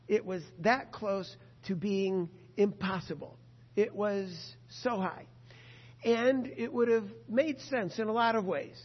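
A man preaching a sermon and reading a story aloud, earnest and emphatic, slowing down on key words. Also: high-pitched. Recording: muffled sound in a reverberant hall.

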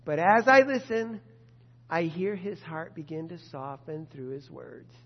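A man's voice: a little high, unhurried, gravelly. A man preaching a sermon in an earnest manner, building to emphatic bursts. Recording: dull long-reverb hall sound.

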